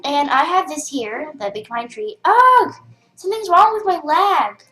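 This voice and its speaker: A young girl's high, sing-song, slightly bright female voice moves at normal speed as she hosts a chatty, rambling game tutorial captured on screen, with many fillers and restarts. The rough recording has an echoey room, keyboard typing and soft background music.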